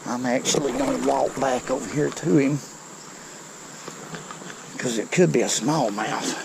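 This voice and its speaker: A man, giving excited, folksy commentary to viewers while he fishes a creek outdoors. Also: mid-range voice, unhurried, gravelly, noisy background. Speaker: fishing vlogger.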